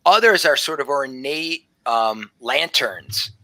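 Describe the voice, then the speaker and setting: A woman running a tabletop game, narrating scenes in a lively, animated voice that rises and falls a lot. Her tone is bright, and the recording is close and dry. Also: very deep voice, slow pace, dry recording. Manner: lively, descriptive narration with fillers. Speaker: game master.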